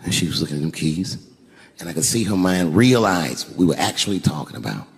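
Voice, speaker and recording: Middle-aged male stand-up, animated storyteller, swooping delivery; live theater reverb with clear crowd ambience. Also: low-pitched, brisk. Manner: animated, swings from hushed asides to loud outbursts. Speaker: stand-up comedian. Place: large theater stage. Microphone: stage microphone.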